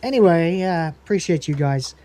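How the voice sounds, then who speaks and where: A man hosting a podcast while sick, casually retelling an episode in an animated way. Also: a little high, normal speed. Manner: animated, acts out scenes with lots of "he goes". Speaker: podcast host.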